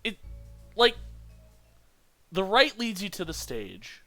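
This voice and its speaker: A man's voice: high voice, big pitch swings, slow, sharp tone, no room sound, faint music behind. Rambling man doing game commentary. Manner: rambling, swears when annoyed. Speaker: let's play host.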